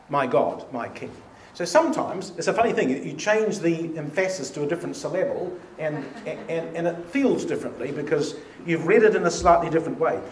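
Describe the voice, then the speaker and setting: A man leading a church study meeting, reading hymn and psalm lines aloud with emphasis. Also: fairly high pitch. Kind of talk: informal Bible study talk. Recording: echoey room with faint hiss.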